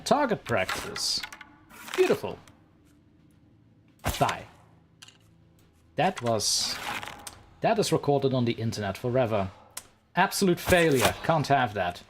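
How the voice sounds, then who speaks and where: A male game streamer talking through a live let's-play in a playful, theatrical way. His pitch swings widely as he addresses viewers and characters on screen, with a faint hiss of noise behind him.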